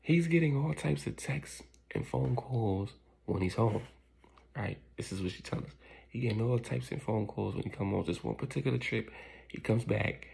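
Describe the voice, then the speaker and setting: Gravelly, raspy man telling a crude story. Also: medium pitch, moderate pace. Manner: crude, animated storytelling with lots of asides. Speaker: channel host. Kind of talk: casual storytime narration.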